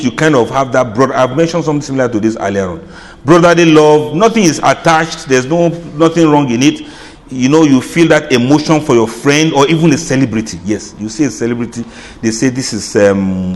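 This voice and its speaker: A man giving an informal religious lecture, chatty and often laughing, playing out reactions with soft drawn-out sighs. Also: mid-range voice, big-room sound. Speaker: Islamic lecturer. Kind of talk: informal sermon.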